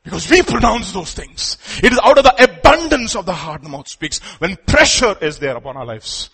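A man's voice: high voice, big pitch swings, moderate pace, creaky, a bit bright, breathy edge. A man preaching a sermon to his congregation, with emphatic outbursts. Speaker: pastor.

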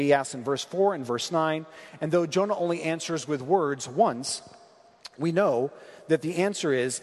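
A pastor preaches a conversational sermon, reading scripture and asking the congregation questions. His voice is fairly high and animated at a normal speed, with long hall reverb around it.

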